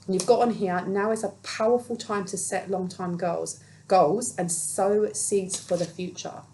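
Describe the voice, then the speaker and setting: A woman's voice: medium pitch, steady tone, a little slow, warm tone, a little hiss or hum, poor audio. A woman talking earnestly and reassuringly through a spiritual tarot reading, now and then acting out quoted voices. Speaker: tarot reader.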